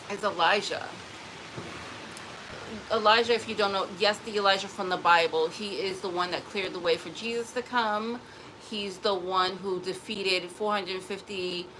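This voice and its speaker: A woman's voice: medium pitch, pushed and bright, slight background noise, low-quality recording. A woman in a casual personal vlog, rambling emotionally and often restarting her sentences. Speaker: vlogger.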